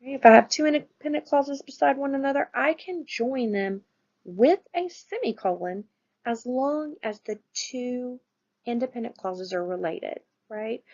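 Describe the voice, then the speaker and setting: A woman teaches a grammar lesson in a patient, steady way, pausing often to check that her listeners follow. Her voice sits a little high and carries a gravelly fry. The recording is dull and lo-fi. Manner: patient, checks in with "right?" and "all right?".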